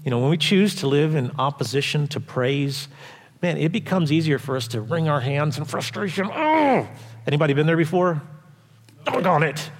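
A male pastor preaches a sermon in a somewhat high voice, his words ringing out in a large hall with a long reverb. He keeps it conversational, throwing rhetorical questions to the congregation. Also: animated, moderate pace.

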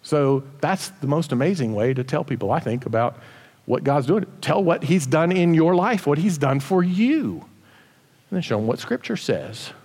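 Animated man preaching in a reverberant hall. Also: fairly high pitch, normal speed, slightly rough. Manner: animated, conversational preaching with rhetorical questions. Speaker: pastor. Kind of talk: sermon.

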